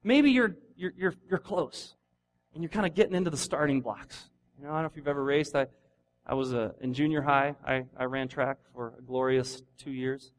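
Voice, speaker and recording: A middle-aged man preaching a sermon in a conversational, animated way, acting out the voices of the people he describes. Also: medium pitch, a little fast. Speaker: pastor.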